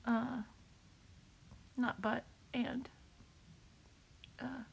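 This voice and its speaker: A woman talking on a live video while crying, in a halting way, repeating herself and laughing through her tears. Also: fairly high pitch, level tone, vocal fry, breathy edge. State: tearful, crying. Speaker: vlogger sharing a cancer update. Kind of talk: emotional live video talk.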